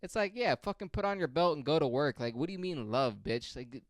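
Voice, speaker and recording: A man's voice: a little high, expressive, fairly quick, no echo. A young man in a casual solo monologue who rambles and swears freely, mocking himself as he goes. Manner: profane, rambling, self-mocking. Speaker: podcast host.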